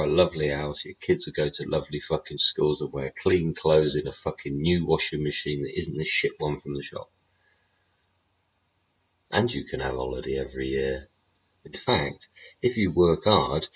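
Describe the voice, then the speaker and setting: Rumbling low with a faint hiss or hum, this man hosts a show and delivers blunt, sarcastic rants full of swearing. It's livestream commentary captured in dull lo-fi sound.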